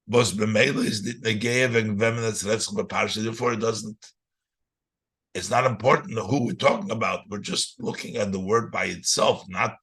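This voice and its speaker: Gravelly, bright-toned rabbi teaching a text. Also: male voice, lowish voice. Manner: reads Yiddish lines then paraphrases in English. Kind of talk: Torah class, translating Yiddish to English.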